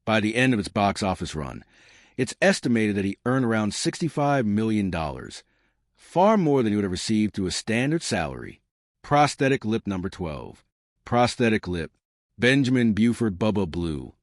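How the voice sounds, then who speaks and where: A man's voice: on the low side, dry recording, clean studio sound. A man reading scripted narration for a countdown list video.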